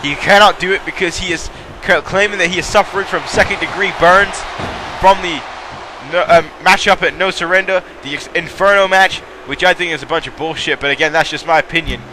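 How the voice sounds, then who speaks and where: A man giving excitable, mildly profane play-by-play commentary on a wrestling video game. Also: high voice, brisk, background noise.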